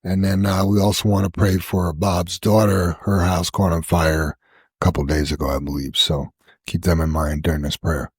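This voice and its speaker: A man's voice: sits low, flat delivery, moderate pace, a little mellow, slightly rough, dry recording, studio quality. A man hosting a casual podcast, leading a prayer and telling jokes. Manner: leads group prayer, jokey. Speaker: podcast host.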